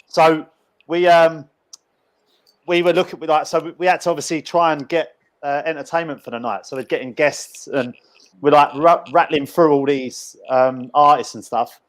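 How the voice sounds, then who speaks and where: A man hosting a podcast chat, his voice sitting a little high. He rambles through anecdotes with plenty of ums and restarts. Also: steady tone, normal speed. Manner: rambling storyteller, many fillers and restarts. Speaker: podcast host. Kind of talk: casual chat.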